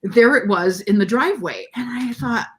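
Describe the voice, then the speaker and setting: A middle-aged woman, a guest in an interview, telling a story in a lively, animated way and acting out quoted voices. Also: fairly high pitch, normal speed. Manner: animated storyteller who acts out quotes in a lifted voice.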